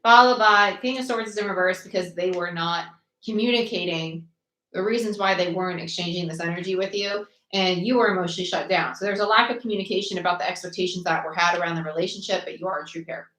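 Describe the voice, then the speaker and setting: A woman giving a live tarot reading in a chatty, quick way, listing the cards aloud as she goes. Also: lowish voice, a bit bright. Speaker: tarot reader. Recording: echoey room with faint noise.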